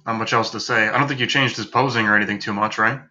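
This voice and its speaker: A man with a very bright, sharp-edged voice jokes through a casual podcast. His quick asides come over a dull, lo-fi call line. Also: fairly low pitch, steady tone, a little hiss or hum. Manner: joking, quick asides, laughs at own jokes. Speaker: podcast co-host.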